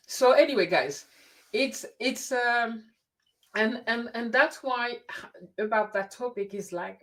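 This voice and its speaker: A woman hosting a casual conversation, telling stories in an animated way and often restarting her sentences. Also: medium pitch. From grew up in France. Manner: animated storyteller with frequent restarts. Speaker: host. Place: lives in the UK.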